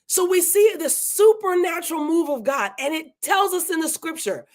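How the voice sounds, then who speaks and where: An enthusiastic woman teaching a verse-by-verse Bible study live, talking conversationally and slowing down to read scripture with emphasis. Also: very high-pitched, very animated.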